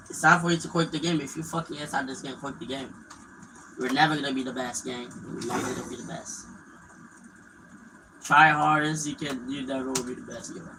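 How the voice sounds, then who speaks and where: A young man streaming a game, mocking and taunting in loud, profane bursts. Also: mid-range voice, fairly even intonation, moderate pace, long pauses. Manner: yells in bursts. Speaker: gaming streamer. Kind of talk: livestream gaming trash talk. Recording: clear background noise.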